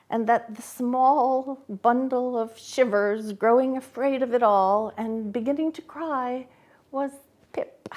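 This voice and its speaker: A woman reading a classic novel aloud, telling the story with unhurried expression. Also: fairly high pitch, darkish tone. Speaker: volunteer reader.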